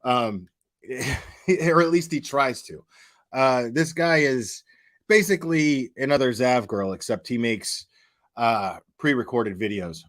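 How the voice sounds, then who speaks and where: An American man hosts a casual livestream, voice sitting in a plain middle pitch. He rants with crude, profane mockery and stops to thank viewers for super chats. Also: expressive, takes it slowly, a bit bright. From United States. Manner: crude, profane, mocking ranting. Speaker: commentary channel host.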